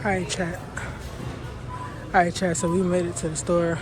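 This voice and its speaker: A young woman wearing mics vlogs as she walks, chatting easygoing with her viewers, calling them y'all and laughing often. Her voice is on the low side and flat, at a moderate pace, with music playing behind her.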